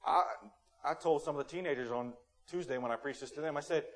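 A man preaching a sermon in a church, animated and playful, acting out quotes and rising to loud emphasis. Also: on the high side, fast. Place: church sanctuary.

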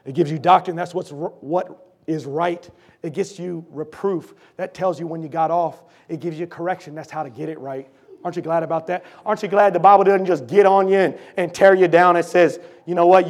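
A fervent middle-aged man preaching a sermon, his voice riding high. His throat is sore, and he swings from shouted declarations to low, intense asides aimed at the congregation.

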